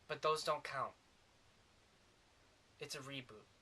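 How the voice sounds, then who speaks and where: A man's voice: mid-range voice, slow pace, bright, forceful tone, a little hiss or hum. A man giving a sarcastic, rambling comedic movie review.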